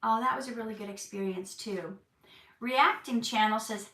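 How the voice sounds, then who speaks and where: A chatty woman in her thirties hosts a casual live-stream Q&A, reading viewer comments and joking along. Her voice is bright and slightly high, and it sounds roomy and a little distant from the mic. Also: moderate pace. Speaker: live-stream host answering chat. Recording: roomy, a bit far from the mic.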